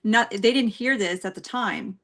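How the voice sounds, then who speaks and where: A woman co-hosting a casual livestream chat over a video call, chatty and quick to laugh while telling stories. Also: fairly high pitch, fairly bright tone. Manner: chatty, laughs often, storytelling.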